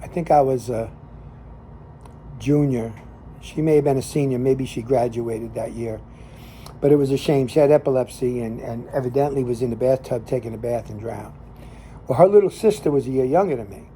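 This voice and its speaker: An older man with a Northern New Jersey accent talks in a loose, folksy ramble, full of fillers and restarts as he hosts a cigar chat. His voice is mellow and warm. A faint hum of room sound sits behind him. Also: medium pitch, normal speed. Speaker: cigar show host and lay minister. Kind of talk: casual storytelling monologue.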